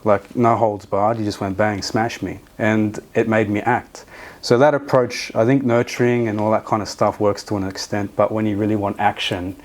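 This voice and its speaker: An Australian man co-hosting a podcast in casual chat, frank and a little profane, who backs his partner with steady murmured agreement. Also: fairly low pitch, normal speed. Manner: frank, swears, many "mm" backchannels. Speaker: podcast co-host and business owner.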